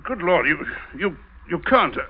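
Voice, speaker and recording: An actor playing a frightened, stammering captain, in 1940s radio drama acting. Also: male voice, high voice, very animated, moderate pace, slightly rough, exaggerated voice. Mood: terrified. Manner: stammering, shaken. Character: frightened, stammering male captain forced to help. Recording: dull, faintly hissy old radio broadcast.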